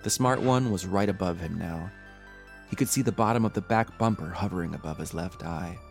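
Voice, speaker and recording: Horror podcast narrator, low gravelly man, measured dramatic reading. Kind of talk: scripted horror story narration. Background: faint music.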